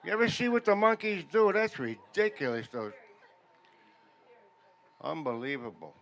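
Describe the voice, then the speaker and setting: A man doing a stand-up comedy set in a veterans' hall, telling deadpan stories that build louder toward each punchline. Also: a little high, normal speed, a faint crowd. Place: veterans' hall function room.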